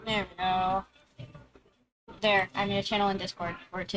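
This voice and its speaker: A woman's voice: medium pitch, level tone, normal speed, fairly bright tone, soft background music, low-quality recording. A woman hosting a live stream, chatting playfully and greeting viewers as she goes. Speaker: livestream host. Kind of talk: casual live-stream chat.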